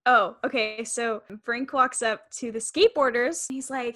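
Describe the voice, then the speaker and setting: A young woman co-hosting a podcast in casual chat, animated and laughing, putting on voices for characters. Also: fairly high pitch, a little slow, few pauses. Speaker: podcast co-host.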